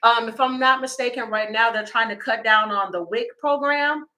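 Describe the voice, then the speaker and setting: Woman, tarot reader, casual livestream chat, bright clear tone, fairly high voice. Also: normal speed. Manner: chatty, animated, talks straight to viewers.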